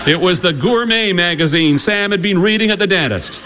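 A man telling a humorous story, with a wry, animated delivery and comic pauses. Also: sits high, background noise.

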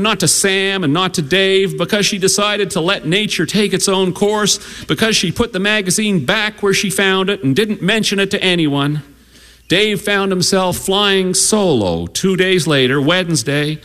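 A man telling a humorous story, with a wry, animated delivery and comic pauses. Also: high-pitched.

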